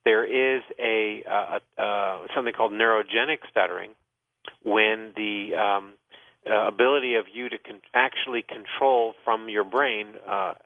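A man with a fairly low voice answers callers as the doctor hosting a call-in radio show. He explains things at length and fills his pauses with "uh" and "you know." The sound is dry and narrow, like a phone line. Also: gravelly, no echo. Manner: explanatory, many "uh" fillers.

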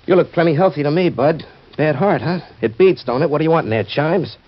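A stubborn working-class man with a husky, low voice and slangy, tough street talk. The 1940s radio acting comes through a dull, lo-fi old radio recording. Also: expressive, a little fast.

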